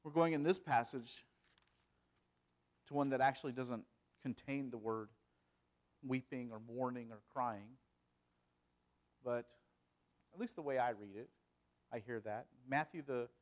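Man preaching, from loud to hushed. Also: mid-range voice. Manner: swings from loud emphasis to hushed, quiet delivery; asks rhetorical questions. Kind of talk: sermon.

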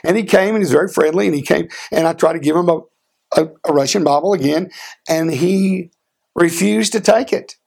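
A man preaching a sermon, earnest, asking rhetorical questions and slowing down for emphasis. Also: a little high, vocal fry, a little mellow. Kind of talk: sermon with a personal story.

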